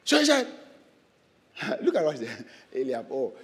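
A man preaching a sermon in church, animated, firing questions at the congregation and laughing between lines. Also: medium pitch, normal speed, in a large hall.

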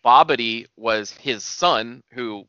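A man's voice: medium pitch, slow, bright, forceful tone, clear, resonant tone, no room sound, dull audio. A man chatting casually as a co-host, laughing often and swearing freely as he retells scenes. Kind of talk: casual chat.

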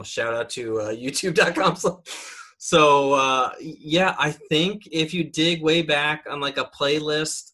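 A young man with a bright, forceful voice chats loosely through a bracket of video games, stopping often on ums and likes. He sounds opinionated and relaxed, like a streamer talking off the cuff. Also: on the high side, slow pace. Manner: rambling, filler-heavy, opinionated. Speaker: gaming podcaster and streamer. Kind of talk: casual chat.

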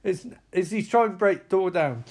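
A man casually recapping a horror film in an excitable, profane way, with frequent exclamations. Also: high voice, moderate pace, breathy edge.

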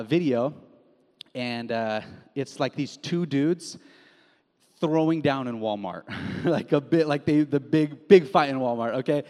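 A young man preaching a sermon as a pastor, casual and animated, telling stories with slang. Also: medium pitch. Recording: long hall reverb.

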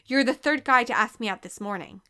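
A woman voicing a sharp-tongued young barista, speaking high and pointed. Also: brisk. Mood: indignant. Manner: indignant, sharp.

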